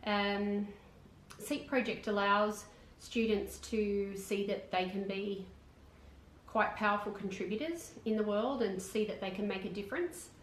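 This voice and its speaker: Brief: woman project manager, explanatory and halting, echoey room with faint noise. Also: medium pitch. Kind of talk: documentary interview.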